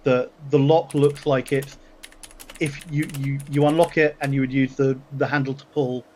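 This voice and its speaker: A man narrating a tabletop game as game master, pausing often with fillers and restarts. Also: mid-range voice, little pitch movement, darkish tone, a little hiss or hum, poor audio. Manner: halting, many fillers and restarts.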